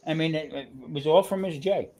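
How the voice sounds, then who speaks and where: A talkative man with a New Jersey accent, his voice sitting a little high for a man. He tells his stories with lots of energy, often stopping and starting over mid-sentence. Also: fairly quick. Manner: animated storyteller, restarts often. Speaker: guest cook on a grilling livestream. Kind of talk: casual chat.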